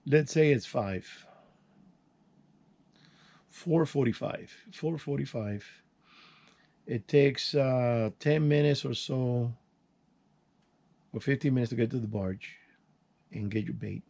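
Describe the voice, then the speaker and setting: A man's voice: slow, gravelly, long pauses, mellow. An older retired man hosting his own channel, telling hunting and fishing stories in a casual, rambling way while he works on a small project. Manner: rambling, folksy, with restarts and sound words like "boom". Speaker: channel host. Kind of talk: casual vlog storytelling while working.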